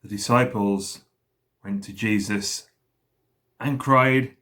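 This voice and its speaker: A man leading school worship, slowly retelling a story for children and pausing to ask them questions. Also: mid-range voice, expressive, fairly bright tone.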